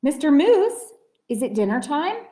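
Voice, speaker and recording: A woman's voice: sits high, big pitch swings, measured pace, warm tone, voice pushed up. A woman voicing a small, eager male rabbit in a storybook read-aloud, recorded in a roomy space. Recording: roomy echoey room.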